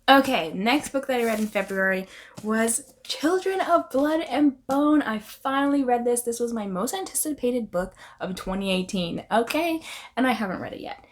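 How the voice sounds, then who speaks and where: A woman's voice: fairly high pitch, normal speed. A young adult woman talking casually and emphatically as a book vlogger reviewing her reads. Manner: expressive, emphatic, often adds "okay?".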